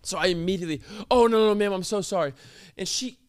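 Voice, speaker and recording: Podcast co-host, male, high voice, animated storyteller, dry studio sound. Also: quick pace, dry recording. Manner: animated, acts out quotes with big voice swings. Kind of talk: casual storytelling chat.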